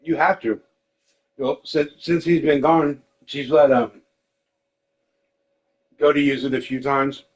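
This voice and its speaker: A man's voice: mid-range voice, steady tone, slow, long pauses, poor audio. A man telling stories in casual chat, swearing often and quoting family. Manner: emotional storytelling, swears, quotes others; eating while talking. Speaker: podcast host.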